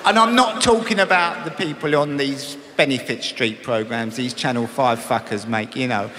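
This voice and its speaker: A man's voice: mid-range voice, moderate pace, pushed and bright. A man doing a stand-up routine, mocking and chatty with tag questions. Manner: mocking, conversational with asides. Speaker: stand-up comedian. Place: large live venue. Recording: live in a large echoing hall with audience.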